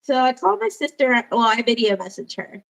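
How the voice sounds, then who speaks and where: A woman co-hosting a casual talk show, excitable and quick to laugh. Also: on the high side, creaky, poor audio. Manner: giggly, excitable. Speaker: podcast co-host. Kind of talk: casual chat.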